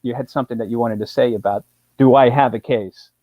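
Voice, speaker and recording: Lively lawyer telling a story. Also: male voice, mid-range voice, a little fast, no room sound, phone-quality sound. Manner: animated storyteller, acts out phone calls. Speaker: attorney. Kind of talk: casual storytelling on a live show.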